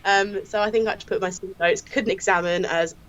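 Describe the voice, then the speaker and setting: A woman tells work stories in a bright, animated way, jumping into other people's voices. Her pitch sits in a middle range. The podcast audio sounds a little dull. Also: brisk. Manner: lively, laughing storyteller who acts out quotes. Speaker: crime scene investigator guest. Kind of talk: casual anecdote telling.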